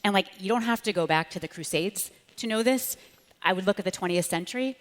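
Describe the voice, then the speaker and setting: A woman's voice: medium pitch, a little fast. A woman author speaking with passion in an onstage conversation, animating her points by acting out the voices she quotes. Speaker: author and speechwriter, guest. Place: large hall with live audience. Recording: long hall reverb.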